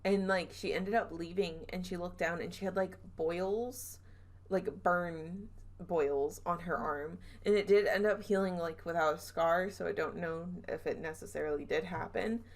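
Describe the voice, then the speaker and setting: A young woman from the southern United States hosts a casual podcast, retelling a spooky story. She sits a little lower in pitch than most women. She giggles and restarts her sentences as she goes. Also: fairly even intonation, moderate pace. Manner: chatty, giggly, trails off and self-corrects. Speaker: podcast host.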